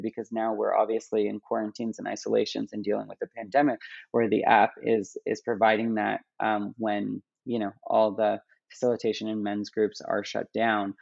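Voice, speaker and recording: A man talks as an interview guest in a flat, gravelly voice, stopping and restarting his sentences often. The sound is dry and a little muffled. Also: lowish voice, dry recording. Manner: halting, many restarts and fillers. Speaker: guest, app founder. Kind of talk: casual interview talk.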